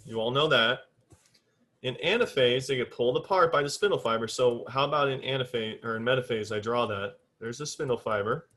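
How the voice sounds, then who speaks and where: In this recorded lecture, the biology teacher's mid-range voice comes out fairly quick, pushed and bright. Drawing on the board as he goes, he speaks to students in a direct, informal way, lays down firm rules about precise terms, and counts out loud.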